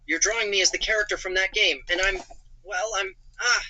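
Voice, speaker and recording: A text-to-speech man's voice playing an eager young male AI companion, husky and synthetic, read in a dry close recording. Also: sits high, fairly even intonation, brisk, bright, forceful tone, heavily acted, rough recording. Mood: excited. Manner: reads lines as a text-to-speech voice.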